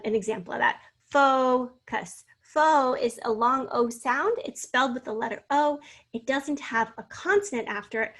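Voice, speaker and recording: A woman's voice: a little high, fairly bright tone. A woman teacher giving a recorded spelling lesson to fifth graders, patiently sounding out syllables and spelling out letters.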